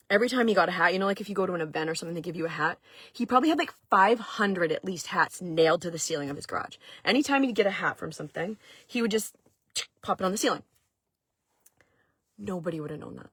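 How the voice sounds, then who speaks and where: A woman's voice: lowish voice, fairly bright tone, husky, no echo. A woman hosting her own vlog, telling a personal story in a chatty way, full of "like" fillers. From Maine. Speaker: vlog host. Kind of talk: casual storytelling.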